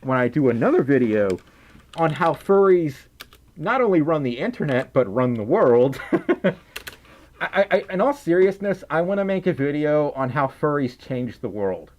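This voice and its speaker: Giggly Southern-accented man with a lively pitch. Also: normal speed, highs cut off. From Mississippi, US South. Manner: silly, giggly, reads donations aloud. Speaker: livestream host. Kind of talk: casual livestream chat. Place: indoors at home, wearing a fursuit head.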